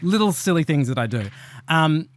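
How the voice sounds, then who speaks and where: A man, a podcast guest, talking in an animated, self-deprecating way with quick asides. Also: a little high, no echo, clean studio sound. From Australia. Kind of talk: conversational interview. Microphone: remote call.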